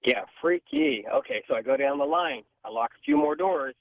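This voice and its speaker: Male caller, tinny phone line, dry sound, higher voice, animated, acts out quotes. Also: moderate pace, no room sound. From California. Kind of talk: phone-in storytelling. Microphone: telephone.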